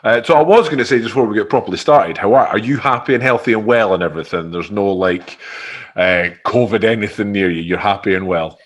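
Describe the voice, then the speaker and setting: A man's voice: lowish voice, fast talker, roomy sound. A Scottish man hosting a podcast, friendly and upbeat in casual chat. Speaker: podcast host.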